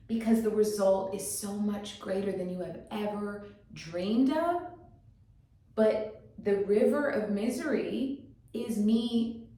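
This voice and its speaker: Mellow-voiced woman coaching in an echoey room. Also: mid-range voice. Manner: encouraging, asks rhetorical questions, checks in with 'okay?'. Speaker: motivational coach. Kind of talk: motivational teaching talk. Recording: very echoey room, distant mic.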